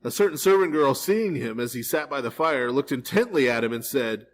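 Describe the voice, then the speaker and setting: This male priest's mid-range voice moves briskly with few pauses as he reads scripture and retells it in a loose, lively style, often tossing in "right?" It's a live verse-by-verse Bible study in a church hall, captured with poor audio.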